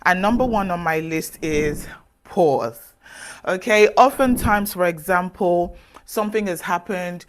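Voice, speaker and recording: A woman speaking straight to the listener as a self-development speaker, giving earnest, direct advice in a measured way with emphatic pauses. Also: lowish voice, slight background noise. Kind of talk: motivational advice talk to camera.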